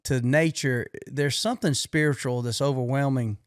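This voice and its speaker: A man's voice: mid-range voice, fairly even intonation, normal speed, clean tone, no room sound, clean studio sound. A middle-aged man hosting a podcast, telling stories in a folksy, colloquial way. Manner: folksy storytelling, drawled colloquial speech. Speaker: podcast host. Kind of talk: casual conversation.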